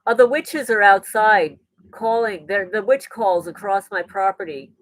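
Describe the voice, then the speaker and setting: An older woman chats animatedly on a laptop livestream, reading out viewer comments. Her voice sits at a middling pitch, and the sound is dry and close with little room echo. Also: measured pace. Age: 60s. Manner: animated, repeats words, laughs often. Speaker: livestream host. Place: rural home indoors. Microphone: laptop mic.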